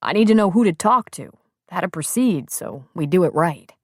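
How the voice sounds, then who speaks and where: A woman's voice: on the low side, animated, normal speed, a little mellow, husky, no room sound, clean studio sound. A woman voicing an earnest, protective man who speaks carefully and directly.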